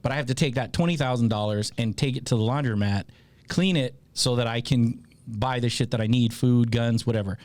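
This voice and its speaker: A man hosting a podcast, telling a long story in a casual, animated way, with a lot of swearing and laughter. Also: mid-range voice, brisk, no room sound. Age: adult with a child. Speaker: podcast host.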